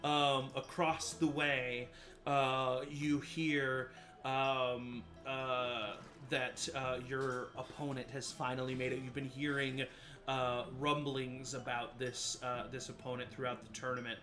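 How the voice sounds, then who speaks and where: A man's voice: medium pitch, level tone, slow pace, pushed and bright. A man narrating a tabletop game as game master, with many ums and uhs and easy laughter. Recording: faint music in the background.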